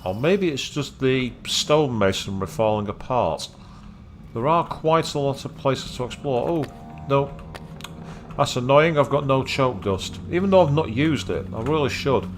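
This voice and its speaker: A man's voice: mid-range voice, expressive, unhurried, a little hiss or hum. A man from Manchester, casually commenting while streaming a game, with chatty, wry asides. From Manchester, England. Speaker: let's play streamer.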